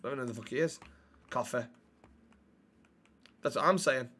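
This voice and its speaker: A young man live-streams a game, bantering with chat bluntly and swearing freely. His medium-pitched voice has a sharp tone with a breathy edge and a moderate pace.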